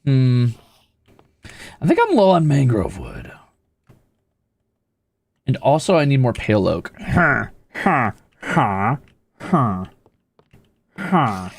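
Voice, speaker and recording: A man's voice: medium pitch, huge pitch swings, slow, vocal fry, long pauses, husky, no room sound. A man streaming a building game, chatting casually with viewers in a playful, teasing, mock-boastful way. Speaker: VTuber streamer. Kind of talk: casual gaming stream chat.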